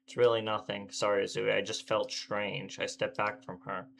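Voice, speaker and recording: A man's voice: lowish voice, little pitch movement, normal speed, gravelly, fairly bright tone, a little hiss or hum. A man voicing an irritable teenage boy protagonist, reading his brooding first-person lines aloud from a visual novel. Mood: confused.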